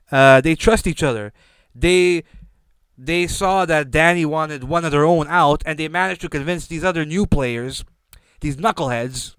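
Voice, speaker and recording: Brash podcast guy, sarcastic and swearing, kinda high clear voice, dry sound. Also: a bit bright, no echo. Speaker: podcast host. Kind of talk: casual TV recap monologue.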